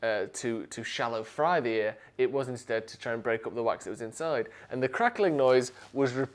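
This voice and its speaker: A young man hosting a casual live stream, joking and animated, sometimes rising to near shouts. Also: mid-range voice, a little fast.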